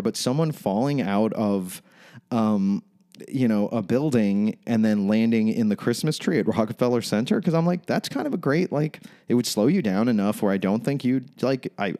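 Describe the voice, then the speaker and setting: A man's voice: on the low side, dark tone. A man co-hosting a podcast, chatting casually about a TV episode, rambling and swearing a lot, laughing often. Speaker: podcast co-host. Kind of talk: casual chat recapping a TV episode.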